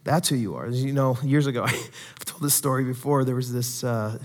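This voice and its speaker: A man preaching a sermon, swinging from quiet storytelling asides to loud, emphatic peaks. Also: medium pitch, steady tone, moderate pace. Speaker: pastor. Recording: long hall reverb.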